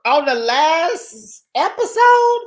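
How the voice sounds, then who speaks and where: Sassy, animated woman recapping reality TV. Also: very high-pitched, takes it slowly. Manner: sassy, animated, talks straight to viewers with slang like "child" and "honey". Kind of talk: casual recap commentary.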